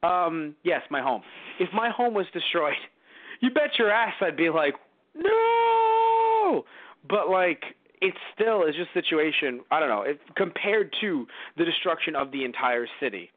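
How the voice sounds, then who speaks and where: A man's voice: a little high, lively intonation, moderate pace, no echo. Guy hosting a movie podcast, dry tinny audio, rambly and full of likes. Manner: rambling, lots of fillers and restarts. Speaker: podcast host. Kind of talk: casual movie review chat.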